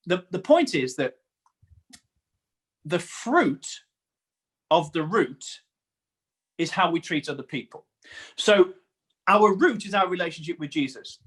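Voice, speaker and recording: Husky-voiced man preaching a sermon. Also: a little high, sing-song, slow, pauses often, a bit bright. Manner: earnest, repeats words for emphasis.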